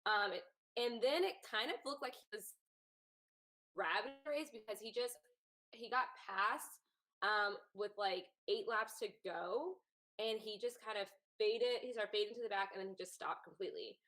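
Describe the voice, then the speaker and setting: A woman's voice: medium pitch, normal speed, a bit bright, poor audio. A woman co-host with a mid-range voice talks through results in casual chat. Her delivery is rambling and conversational, with a loose, easy pace.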